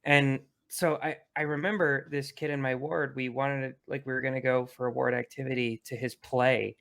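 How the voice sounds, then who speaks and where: A man's voice: medium pitch, little pitch movement, normal speed, creaky, a bit bright. A man telling a self-mocking story in a casual podcast chat, swearing freely. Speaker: podcast co-host.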